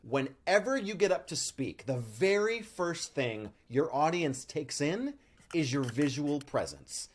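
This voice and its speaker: A man giving presentation tips as a coach, talking straight to the viewer in short, punchy phrases with a playful close. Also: a little high. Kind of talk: scripted talk to camera.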